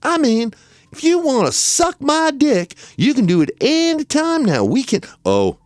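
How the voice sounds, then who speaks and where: A man voicing a crude, taunting male defendant who yells at the judge, in a dramatic reading of a trial transcript. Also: extremely high pitch, wildly swooping pitch, a little slow, no room sound, pitched above the performer's own voice, full character voice. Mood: mocking. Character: loud defiant male defendant in court.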